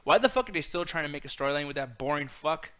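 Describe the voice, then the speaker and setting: A man's voice: on the high side, lively intonation, fast talker, crowd noise. A man co-hosting a podcast, chatting casually about wrestling, swearing freely and laughing often. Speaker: podcast co-host. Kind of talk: casual profane wrestling chat.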